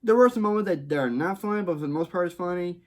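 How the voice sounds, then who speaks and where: Speaking quickly in a high-pitched voice with lively intonation, a Texan film reviewer gives a casual movie review to camera. He rambles, repeats himself, keeps restarting, and relies on stock phrases.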